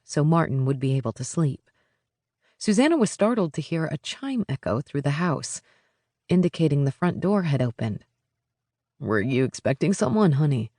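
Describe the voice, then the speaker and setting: A woman narrating a romance audiobook in a steady, even storytelling manner. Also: sits low, dry recording, studio quality.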